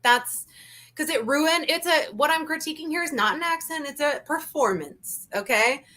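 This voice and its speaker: A channel host with a high, bright voice leads a casual review chat. She speaks at normal speed but in an animated, emphatic rush, repeating her points to drive them home.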